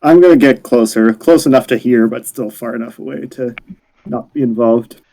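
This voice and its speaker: A man's voice: mid-range voice, moderate pace, gravelly, warm tone, poor audio. A man playing a tabletop game, stating his character's actions plainly. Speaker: player. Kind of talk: casual tabletop play.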